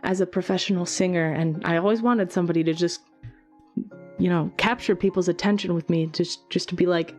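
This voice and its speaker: A woman who is a singer, chatting casually in a Q&A video, retelling things with animated energy and plenty of swearing. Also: fairly low pitch, brisk, soft background music. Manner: animated, swears freely, many fillers. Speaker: singer and channel host. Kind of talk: casual Q&A storytelling.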